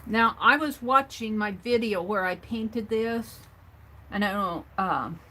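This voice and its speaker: With a sharp tone and a slow pace, a woman with a mid-range voice hosts a live craft stream over poor audio. She works and thinks aloud at the same time, trailing off and murmuring quietly to herself.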